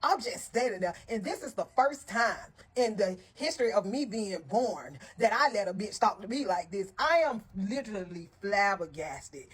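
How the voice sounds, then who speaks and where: Husky-voiced woman telling a profane story. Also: medium pitch, normal speed, few pauses. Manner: animated, blunt and heavily profane; emphatic with frequent asides to listeners. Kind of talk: casual storytime monologue.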